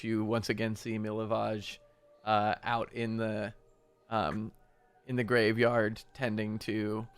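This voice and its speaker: Smooth-voiced man running a tabletop game. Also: lowish voice. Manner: casual, full of fillers like "kinda". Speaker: game master.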